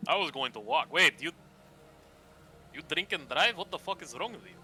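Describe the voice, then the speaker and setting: Bright, hesitant man playing a tabletop game. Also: a little high, lively intonation, normal speed, low-quality recording. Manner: hesitant, stammers, sighs. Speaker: player. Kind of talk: casual tabletop role-play.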